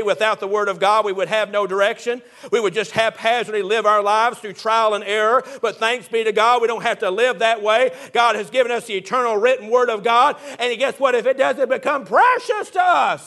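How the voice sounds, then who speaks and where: A man preaching a sermon, reading scripture and rising to fervent shouts on key points. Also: sits high, brisk, hardly any pauses.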